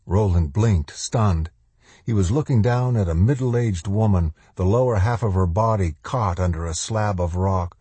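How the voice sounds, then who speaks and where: A man reads a novel aloud in a measured, dramatic way. His voice is very low and dark, with a husky grain. The recording is dry and close, with no room sound. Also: no echo. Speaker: audiobook narrator. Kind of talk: scripted narration.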